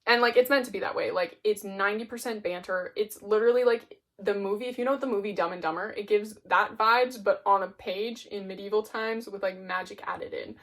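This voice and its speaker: A young woman reviewing her monthly reads on camera. She talks in a relaxed, rambling way, dropping "like" into nearly every sentence. Her voice sits at an ordinary middle pitch. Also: a little fast. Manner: chatty, peppered with "like". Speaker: book reviewer. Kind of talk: casual chat.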